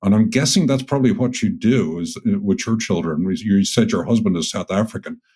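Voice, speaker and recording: A man hosting a podcast, asking questions and thanking his guest in a measured, polite way. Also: fairly low pitch, mellow, breathy edge. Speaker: podcast host. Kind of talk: interview hosting.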